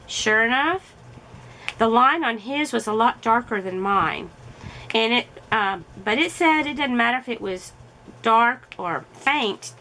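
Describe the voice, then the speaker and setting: A middle-aged woman talks through her story in a relaxed, chatty vlog, her voice sitting a little high. She fills pauses with easy ums and uhs, and a faint background noise runs under the recording. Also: rough recording. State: recovering voice. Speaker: crafting vlogger. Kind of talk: casual chat while crafting.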